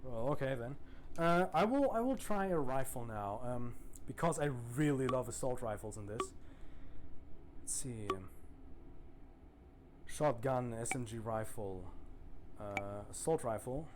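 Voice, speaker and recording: A relaxed young man chatting through a shooter game stream, cursing casually and chuckling at what he sees. His voice sits at an ordinary pitch, with clear noise running behind him throughout. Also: measured pace, pauses often. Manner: laid-back, swears a lot, laughs often. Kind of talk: casual gameplay commentary.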